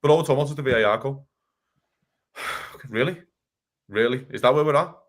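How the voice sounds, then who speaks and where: Man, podcast co-host, rapid-fire heated rant with swearing, mid-pitched. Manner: fast, heated ranting with swearing. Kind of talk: casual football chat.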